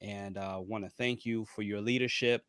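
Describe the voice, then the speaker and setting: A man's voice: on the low side, fairly even intonation, normal speed, fairly bright tone, smooth, no room sound, clean studio sound. A man hosting a podcast, wrapping up with upbeat thanks and promotions, rattling off rhythmic lists. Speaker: podcast host. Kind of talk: podcast interview and sign-off.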